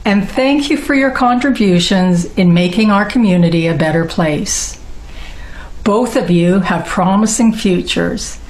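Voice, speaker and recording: A woman's voice: mid-range voice, unhurried, darkish tone, rough recording. A woman presenter making a formal scripted announcement that congratulates award winners. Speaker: event presenter.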